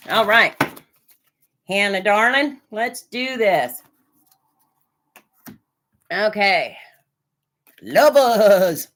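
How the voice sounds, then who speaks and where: A woman's voice: mid-range voice, sharp tone. A woman from Oregon chatting on a live stream while she gives a tarot reading, with lots of fillers and hesitations. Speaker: tarot reader.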